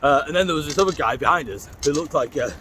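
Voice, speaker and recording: Riding a bike outdoors, a vlogger tells rambling anecdotes, swearing and acting out voices, and greets passers-by mid-sentence. His voice is a little high, animated, quick, and sharp, with slight background noise.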